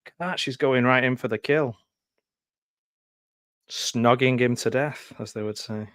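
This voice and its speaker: A man's voice: medium pitch, measured pace, fairly bright tone, dry recording, clean studio sound. A man hosting a casual live film commentary from home, chatty and often laughing. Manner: chatty, laughs often, loose aside-filled talk. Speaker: host.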